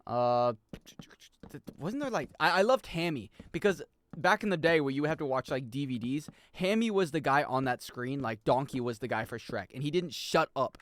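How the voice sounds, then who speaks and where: A man's voice: medium pitch, expressive, moderate pace, fairly bright tone, no room sound. A young adult man streaming a game in casual chat, rambling, swearing and laughing as he plays.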